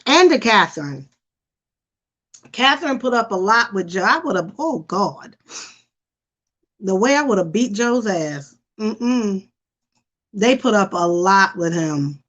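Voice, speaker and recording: A woman hosting a casual live stream, chatting and reacting in an animated, talkative way. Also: medium pitch, takes it slowly, long pauses, dull audio. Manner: chatty, animated, imitates voices for effect. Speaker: host.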